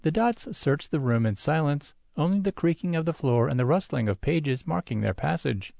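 Creaky-voiced man narrating a story. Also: expressive, moderate pace, few pauses, darkish tone, no echo, studio quality. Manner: reads all character voices himself with small pitch shifts. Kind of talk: audiobook narration of a sci-fi story.

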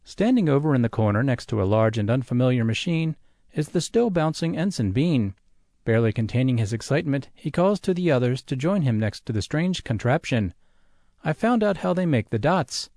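Man narrating with a lively voice. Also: medium pitch, dry recording, clean studio sound. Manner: reads web addresses slowly letter by letter. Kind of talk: scripted narration.

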